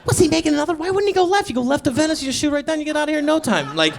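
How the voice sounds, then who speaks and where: A man in his thirties doing stand-up storytelling on stage, acting out dialogue and shouting his punchlines. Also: extremely high pitch, animated, rapid-fire, noisy background. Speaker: stand-up comedian. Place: stage before a live audience.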